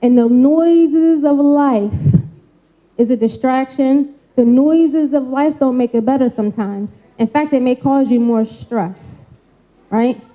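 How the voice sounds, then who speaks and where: With phone-quality sound, a high-voiced woman takes her time delivering an interactive talk on mental health to a live audience from a stage. Her phrasing is casual and folksy, and she coaxes responses from the crowd, repeatedly asking "right?"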